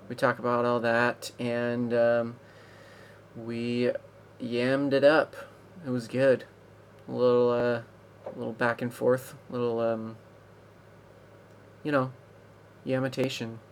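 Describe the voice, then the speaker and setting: A man's voice: medium pitch, completely flat delivery, slow pace, a little hiss or hum. Rambling man hosting a podcast. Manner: rambling, heavy with ums and uhs. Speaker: podcast host. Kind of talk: casual podcast intro.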